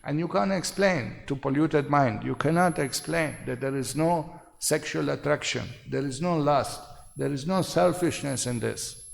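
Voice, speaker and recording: Man, gravelly voice, emphatic seminar lecture, long hall reverb. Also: on the high side. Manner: emphatic, repeats phrases, asks "no?" often. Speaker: spiritual seminar teacher.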